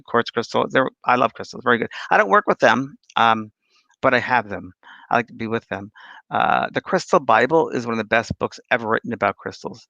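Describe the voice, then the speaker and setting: A man's voice: medium pitch, gravelly, bright, forceful tone, no room sound. A man hosting a casual spiritual talk show, rambling through anecdotes and viewer questions. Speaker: spiritual medium and host. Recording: dull lo-fi dry sound.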